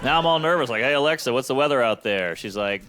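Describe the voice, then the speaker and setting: A man in his thirties doing a stand-up comedy set, delivering punchy deadpan one-liners. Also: medium pitch, quick pace. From United States. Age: 30s. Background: audience laughter.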